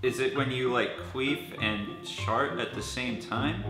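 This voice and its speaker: A man's voice: mid-range voice, takes it slowly. A man hosting casual comedic chat, joking and rambling as he guesses the meanings of slang terms. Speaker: channel host guessing slang. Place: friend's home with dogs. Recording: echoey room with faint music.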